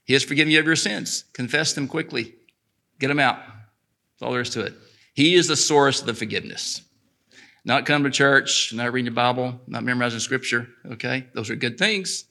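A middle-aged man, leading a church service in a lively, chatty way, reading scripture and praying. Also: medium pitch, brisk. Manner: lively, chatty, laughs easily. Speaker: pastor. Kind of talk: church announcements and prayer.

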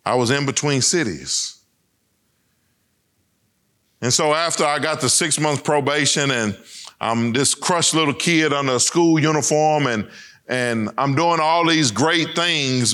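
A middle-aged man giving a personal testimony speech, telling his story with emphatic swings between raised and lowered lines. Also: a little slow, fairly bright tone.

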